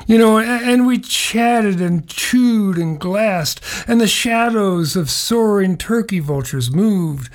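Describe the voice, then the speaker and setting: A man's voice: high voice, animated, slow, hardly any pauses. Middle-aged male host, folksy and meandering, chuckles through his own stories. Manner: rambling, folksy, chuckling asides. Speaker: radio show host. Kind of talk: casual spoken nature segment.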